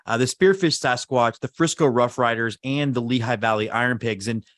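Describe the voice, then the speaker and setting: A man's voice: mid-range voice, normal speed, a bit bright, dry recording, clean studio sound. A man co-hosting a podcast, chatting casually and laughing easily as he reads out award nominees. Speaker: podcast co-host. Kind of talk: casual chat.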